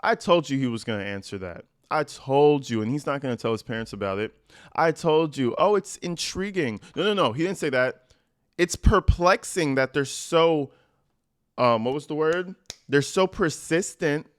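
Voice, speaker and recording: A man's voice: a little high, lively intonation, normal speed, smooth. A man hosting a reaction channel, reading letters aloud and breaking in with blunt, profane, mocking commentary.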